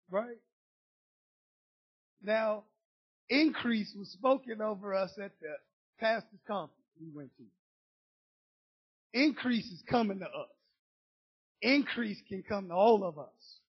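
A man's voice: very high voice, slightly rough, highs cut off. A man preaching a sermon in a colloquial, joking way that rises into emphatic declarations.

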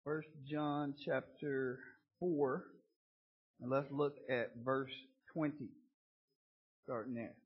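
A man preaching a sermon as pastor, folksy and emphatic, calling out to his congregation and building to loud bursts. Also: medium pitch, fairly even intonation, takes it slowly, pauses often, husky, dull audio.

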